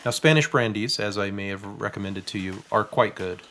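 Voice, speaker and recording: A man hosting a podcast as a spirits writer, explaining drinks in a relaxed, chatty way with plenty of fillers. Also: on the low side, a little fast. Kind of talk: casual tasting chat.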